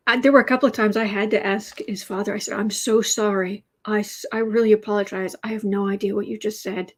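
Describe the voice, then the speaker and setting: A woman hosting a tarot livestream, chatting casually and rambling with frequent restarts. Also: mid-range voice. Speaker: tarot reader host.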